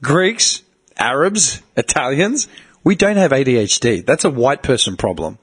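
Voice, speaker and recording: A young man hosting a podcast, talking in a casual, animated, swearing way and mimicking other people in quoted voices. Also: medium pitch, measured pace, husky. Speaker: podcast host.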